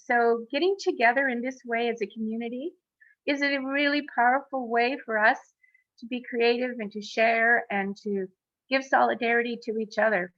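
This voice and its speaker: A woman co-founder speaking on a panel over a video call, in an earnest, halting way with many fillers. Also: a little high, fairly even intonation, a bit bright, no room sound, highs cut off. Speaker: exhibition co-founder.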